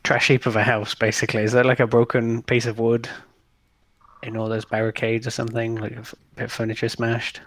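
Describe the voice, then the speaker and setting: A man at a tabletop game describes what his character does in a loose, rambling way. His voice sits in a middle pitch, nothing unusual. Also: completely flat delivery, brisk, fairly bright tone. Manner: casual, rambling with "like". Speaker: player. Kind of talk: casual tabletop game chat.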